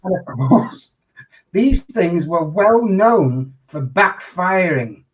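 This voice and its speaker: A man, an undertaker interviewed as a guest, telling his stories in an animated way. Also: high voice, slow pace, low-quality recording. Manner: animated anecdotal storyteller. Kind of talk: storytelling in an interview.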